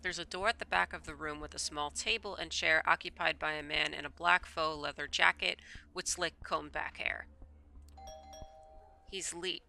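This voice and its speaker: A woman's voice: low voice, vocal fry, sharp tone. A woman streamer reading a visual novel aloud, breaking off into rambling asides full of stammered repeats.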